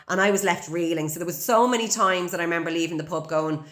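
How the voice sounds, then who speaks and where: Irish woman, 40s, podcast host, blunt, profane, raw and emotional, lowish voice. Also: fast, hardly any pauses, fairly bright tone. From Ireland. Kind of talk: candid personal storytelling.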